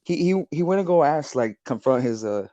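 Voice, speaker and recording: A man's voice: a little high, expressive, normal speed, mellow, no echo, lo-fi sound. Laid-back SoCal guy telling a story. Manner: rambling, repeats words, heavy swearing. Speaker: podcast co-host. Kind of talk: casual storytelling chat.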